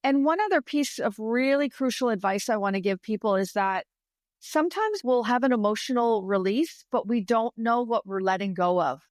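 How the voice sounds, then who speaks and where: A woman's voice: on the high side, lively intonation, moderate pace, dry recording, studio quality. A woman in her fifties talking candidly on a podcast, telling personal stories and acting out her own thoughts. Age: 50s. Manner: candid, storytelling, acts out her own inner voice. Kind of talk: casual podcast chat.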